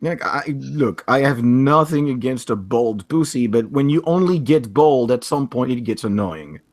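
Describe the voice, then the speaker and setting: A man speaks in halting, stop-start bursts, often repeating himself as he works through his point. His pitch moves in a lively way. The audio is dry and close. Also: no room sound. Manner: halting, repeats words, laughs easily. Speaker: participant in group chat. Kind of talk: casual chat. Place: lives in northern France.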